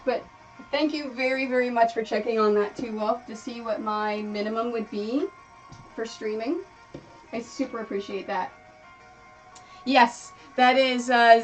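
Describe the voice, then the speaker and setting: A woman with a slightly high voice streams from her home craft room, chatting casually and ramblingly with lots of fillers while quilting. Music plays in the background, and the audio is poor and recorded from a distance.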